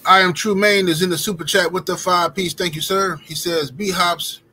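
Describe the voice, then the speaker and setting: A man's voice: high voice, steady tone, moderate pace, bright, forceful tone, husky, low-quality recording. A man hosting a livestream who tells rambling, slangy stories and reads out viewer super chats. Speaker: livestream host. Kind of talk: casual storytelling and reading super chats.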